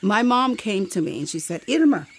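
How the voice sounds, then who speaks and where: A woman telling a family story to children in a lively, animated way. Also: mid-range voice, moderate pace, slight background noise.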